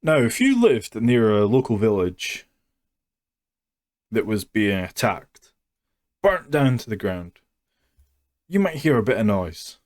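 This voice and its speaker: A man ranting through a sarcastic, mocking review at an unhurried pace. His voice sits at a middle pitch. The recording is dry and close. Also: sing-song, a little mellow, dry recording. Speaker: YouTube reviewer.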